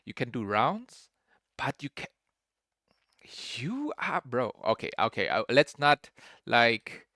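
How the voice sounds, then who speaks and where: A man's voice: mid-range voice, very animated, slow, pauses often, bright, forceful tone, dry recording, clean studio sound. A young man giving casual, rambling commentary as a streamer reacting to a clip, restarting his sentences often and calling everyone "bro". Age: young adult.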